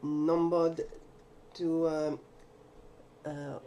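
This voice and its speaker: A man's voice: fairly high pitch, expressive, slow, warm tone. An American man hosting a casual card-opening video, joking around in a put-on mock French accent. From United States. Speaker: card-breaking video host.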